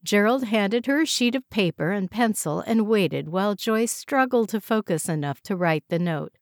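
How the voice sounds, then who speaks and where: A woman narrating a story in a calm, measured audiobook reading. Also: medium pitch, no room sound, studio quality.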